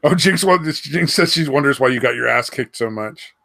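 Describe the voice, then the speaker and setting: Casual podcast host, male; bright, forward tone, rambling, swears a lot. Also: mid-range voice, animated, moderate pace, vocal fry, no room sound. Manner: rambling, swears freely, trails off. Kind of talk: casual chat.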